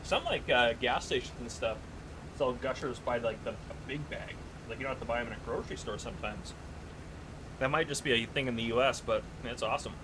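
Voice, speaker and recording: A man's voice: medium pitch, brisk, background noise. A man chatting casually on a live gaming stream, telling stories, reading chat aloud and laughing often.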